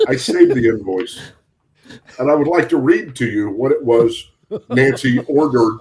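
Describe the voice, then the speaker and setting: A man, a sheriff's deputy, telling a story on a podcast in a relaxed, amused way, chuckling and acting out the dialogue. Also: medium pitch, measured pace. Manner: amused, chuckles through his story, quotes people in dialogue.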